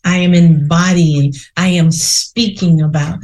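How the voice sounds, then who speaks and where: A woman's voice: lowish voice, darkish tone. A woman hosting a podcast, leading a guided meditation in a soothing way and repeating affirmations. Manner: slow, soothing, repeats phrases. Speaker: podcast host.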